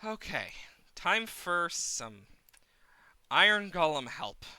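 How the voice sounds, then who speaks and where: A man's voice: sits high, very animated, takes it slowly, sharp tone, clear, resonant tone, no echo. A man streaming a game live, talking to himself with exasperated running commentary, swearing at the game and counting under his breath into a desk mic.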